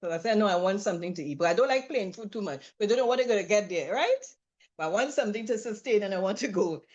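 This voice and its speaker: Lively storytelling woman, dull call audio. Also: medium pitch, fast talker. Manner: lively, acts out quoted voices, laughs often. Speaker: trip participant sharing a story. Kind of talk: casual storytelling.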